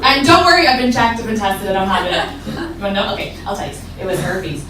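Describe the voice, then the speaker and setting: A woman from Ireland with an Irish accent, performing a stand-up comedy set with deadpan punchlines. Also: mid-range voice, fast talker. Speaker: stand-up comic. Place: comedy show venue. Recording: echoey room from far off, loud noise. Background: audience laughter.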